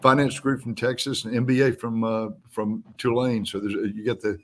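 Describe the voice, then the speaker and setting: A man with a mid-range voice talks as a guest on a sports show. He meanders through trivia with plenty of pauses and fillers. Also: mid-range voice, fairly even intonation. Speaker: guest, sports information director. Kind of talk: casual sports talk.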